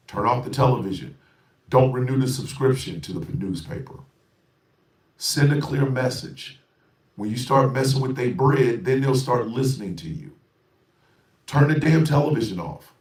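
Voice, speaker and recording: A man's voice: mid-range voice, animated, a little slow. A middle-aged man hosting a radio show, delivering a heated, preachy monologue full of repeated emphasis and swearing. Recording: roomy, distant from the mic.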